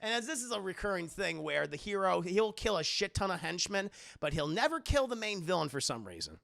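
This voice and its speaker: A man casually recapping a film for his live chat, profane and animated as he talks to his viewers. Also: high voice, fairly quick, vocal fry. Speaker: streamer and film reviewer. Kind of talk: casual livestream movie recap.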